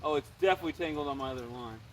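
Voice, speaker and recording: A man's voice: fairly high pitch, rapid-fire, a little hiss or hum. A young man on a casual fishing stream, exasperated, repeating himself and talking to his chat outdoors by the water.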